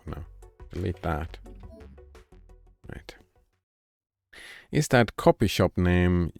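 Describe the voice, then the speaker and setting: A man's voice: deep voice, creaky, a little mellow. A man giving casual commentary while streaming a game, thinking aloud and chatting with viewers.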